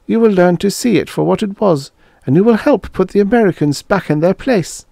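A man voicing an elderly woman, a prim and devoted wife who speaks gently and pleadingly. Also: high voice, animated, brisk, vocal fry, dry recording, studio quality, pitched above the performer's own voice.

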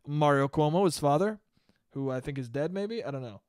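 A young man with a high, light voice rants alone on his podcast, swearing freely and cracking himself up. The sound is dry and close, with no room around it. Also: measured pace, long pauses, clean tone, no echo. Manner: profane, animated, laughs at his own jokes. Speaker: podcast host. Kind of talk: solo comedic podcast rant.

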